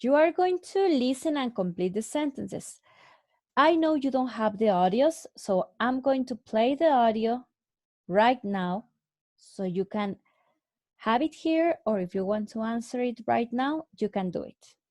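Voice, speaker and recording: A woman teaching an English lesson, explaining answers slowly and clearly with repeated examples. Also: on the high side, lively intonation, a little mellow, dry recording. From Mexico. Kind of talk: recorded online English lesson.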